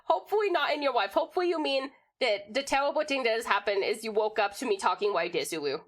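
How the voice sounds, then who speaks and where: A woman's voice: fairly high pitch, animated, fast. A woman putting on a baby voice for a little tiger-like creature version of her streaming persona, talking in cutesy broken baby talk. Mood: playful.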